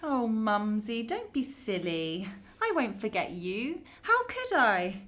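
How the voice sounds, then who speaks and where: A woman's voice: a little high, big pitch swings, slow, a bit bright, heavily acted. A woman playing a young woman under AI control. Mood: cheerful. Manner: meek with the AI, bubbly with her mum. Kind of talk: radio drama acting.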